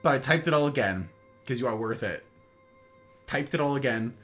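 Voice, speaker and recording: A man hosting a casual livestream chat, greeting viewers by name with playful, animated asides. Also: mid-range voice, normal speed, faint music behind. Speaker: livestream host.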